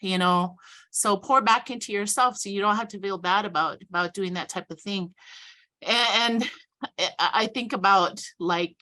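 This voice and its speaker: A woman's voice: medium pitch, normal speed, bright, forceful tone. A woman speaking earnestly and reflectively as a panelist in a conversational discussion.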